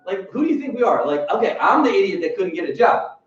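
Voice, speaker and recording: Guy giving a sales training talk, super animated, echoey room, mic kinda far off. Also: high-pitched, quick pace. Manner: animated storyteller acting out bosses, laughing, street-talk swearing. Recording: roomy, distant, muffled room recording with background noise.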